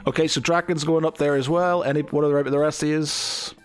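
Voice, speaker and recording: A man's voice: a little high, steady tone, fairly quick, soft background music. A man running a tabletop game as game master, rambling with many fillers and laughing often. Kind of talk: narrating a tabletop game, casual chat.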